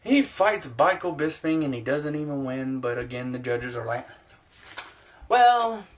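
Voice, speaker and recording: A man from the United States rants about sports to his camera. His talk is heated and profane, with rapid-fire outbursts and sarcastic asides. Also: medium pitch, fairly even intonation, a little hiss or hum. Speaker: sports vlogger. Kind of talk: ranting sports opinion vlog.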